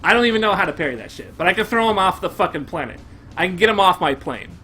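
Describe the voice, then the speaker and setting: A young man streaming a game live, commenting in an excitable, profane way and bursting into shouts. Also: high-pitched, fast, slight background noise.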